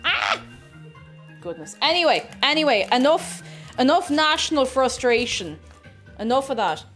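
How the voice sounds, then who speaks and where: A woman's voice: high voice, big pitch swings, moderate pace, a bit bright, soft background music. A young Irish woman chatting casually while she bakes on a live stream, rambling and talking to herself as she measures things out. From Ireland.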